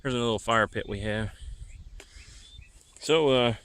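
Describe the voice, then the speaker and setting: At night, a man vlogs an easygoing, rambling walking tour of his rural property, filmed outdoors on a handheld camera. His voice is mid-range, fairly bright and clean, and he speaks at a measured pace.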